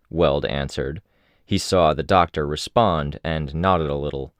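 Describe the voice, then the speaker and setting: A man narrating an audiobook in a measured, steady way. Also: very deep voice, no room sound, clean studio sound.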